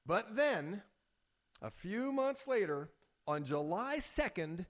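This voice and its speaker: A man's voice: high-pitched, sing-song, slow pace. A man giving a short, chatty sermon in a church, teasing members of the congregation by name. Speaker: pastor. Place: church building.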